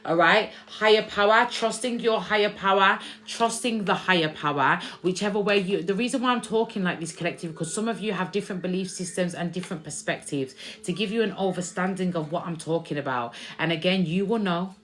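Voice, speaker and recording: A woman's voice: fairly low pitch, fairly quick, few pauses, a bit bright, slight background noise. A woman giving a casual spiritual tarot reading to camera, chatty, checking in with "okay?" and calling viewers "babes". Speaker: tarot reader.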